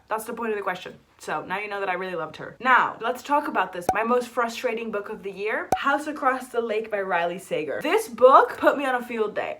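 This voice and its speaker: A young American woman chatting casually about books in a vlog, animated and talkative, ranting with lots of "like" fillers. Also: fairly high pitch. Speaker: book vlogger. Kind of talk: casual book review chat.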